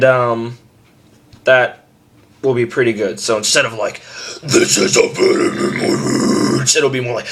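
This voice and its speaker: Rambling young man teaching screaming. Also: on the low side. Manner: rambling, self-deprecating, with loud demo screams. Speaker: screaming vocal tutor. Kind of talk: casual vlog tutorial.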